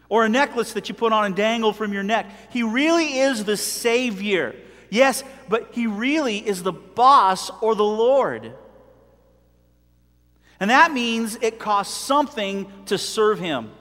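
A man's voice: sits high, fairly bright tone. A man preaching a sermon in a conversational way, retelling scripture and acting out its voices. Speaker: pastor. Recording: long hall reverb.

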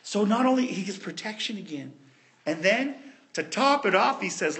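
A man preaching a sermon, retelling a story with animated storytelling and addressing the congregation directly. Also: sits high, moderate pace, creaky, pauses often.

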